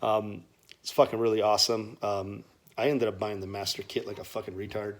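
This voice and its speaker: Speaking briskly in a lowish voice with little pitch movement, a mechanic and shop owner shows off his repair workshop off the cuff. He's a father, and his tour is a profane, casual bro-style rant.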